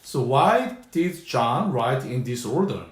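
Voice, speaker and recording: A man with a Korean accent, a native Korean speaker, teaching a Bible lesson in English, explaining slowly and repeating key phrases. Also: mid-range voice, big pitch swings, roomy sound. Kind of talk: scripture teaching talk.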